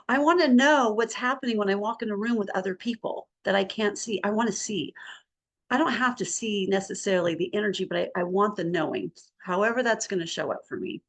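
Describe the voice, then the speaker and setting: A middle-aged woman in a casual spiritual group talk, sharing a personal story in an earnest, rambling way. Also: mid-range voice. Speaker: group discussion participant.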